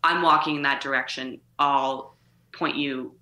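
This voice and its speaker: A woman comedian in casual chat, telling animated, profane stories. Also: rumbling low, unhurried, reverberant. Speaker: comedian, podcast guest.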